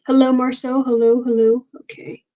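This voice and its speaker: A woman's voice: sits high, flat delivery, moderate pace, dark tone, muffled recording. A young woman hosting a casual late-night livestream, talking frankly and rambling with many fillers and restarts. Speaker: livestream host.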